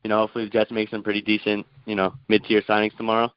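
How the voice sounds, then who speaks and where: A man's voice: lowish voice, monotone, rapid-fire, smooth, dry recording, dull audio. A man calling in to a sports talk show, speaking hesitantly with lots of fillers and restarts. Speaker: caller. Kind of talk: casual sports call-in chat.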